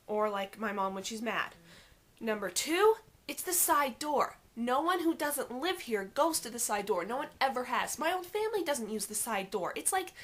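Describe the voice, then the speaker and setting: A young woman in her teens tells a story to camera in a casual vlog. Her voice sits a little high, and her delivery is animated, with dry sarcasm and exasperation running through it. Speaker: vlogger.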